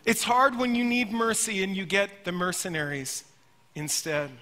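A middle-aged man preaching a sermon in a church, his voice high and bright as he tells a story earnestly. He calls his listeners friends, and the sound rings with the long reverb of a large hall. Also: animated, moderate pace. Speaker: pastor.

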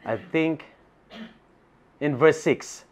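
Speaking very slowly in a slightly high voice, a man with a Filipino accent delivers a sermon in a church. He reads from the Bible and asks his congregation rhetorical questions.

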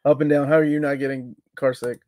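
A man co-hosting a live comics talk stream, relaxed and joking, loudly greeting people in the chat. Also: mid-range voice, fast, dry recording, studio quality. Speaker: co-host of a live comics show.

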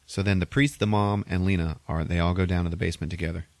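Low-voiced man retelling a movie, swearing. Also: fast, creaky, dry recording. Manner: profane, animated storytelling. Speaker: podcast host. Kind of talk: casual movie plot retelling.

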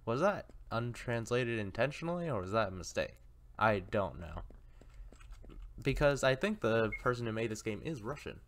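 A man's voice: mid-range voice, lively intonation, fairly bright tone, a little hiss or hum. A man casually playing a game on video, reading its text aloud in a musing way and sometimes stammering. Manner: slow, musing, occasional stammers. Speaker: let's player.

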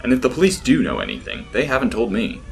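A man's voice: medium pitch, huge pitch swings, fast talker, creaky, slight background noise. A man voicing a doubtful, dismissive young reporter in an audiobook story. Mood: skeptical. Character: skeptical young male reporter.

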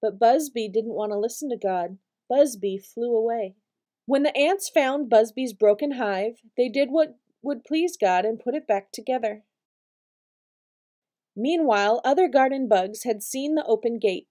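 Lady reading a kids picture book out loud, expressive, kinda high voice, mellow and soft. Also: measured pace. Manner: warm, expressive storytelling. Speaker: storytime reader.

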